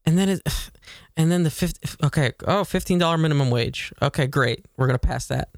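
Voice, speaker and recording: A man's voice: a little high, moderate pace, vocal fry, dry recording, studio quality. A man co-hosting a podcast, venting in a rambling, exasperated way with lots of fillers. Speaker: podcast co-host. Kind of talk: casual chat.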